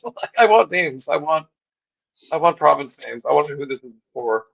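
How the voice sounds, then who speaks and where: A man's voice: a little high, animated, normal speed, vocal fry, a bit bright, dry recording, poor audio. A man chatting as a guest on a livestream, rambling with lots of "like" and laughing as he goes. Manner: rambling, heavy use of "like", laughs mid-sentence. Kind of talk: casual livestream chat.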